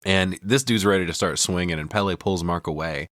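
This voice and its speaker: A man's voice: deep voice, fairly quick, a bit bright, no room sound, studio quality. A man co-hosting a podcast, retelling a film's plot in a casual, profane way with chuckles. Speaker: podcast co-host. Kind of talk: casual movie recap.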